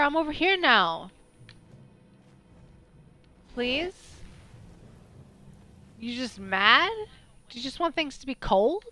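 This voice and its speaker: A woman streamer talks through her game in a loose, excitable way and calls out to the characters on screen. Her voice is high and bright, and it swings widely in pitch. She speaks at a slow pace, with faint game music under her. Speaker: gameplay streamer. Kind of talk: live let's-play commentary.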